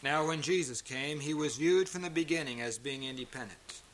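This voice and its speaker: Man, pastor, emphatic sermon, rhetorical questions, bright voice, slight hiss. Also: on the high side, moderate pace. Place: church meeting.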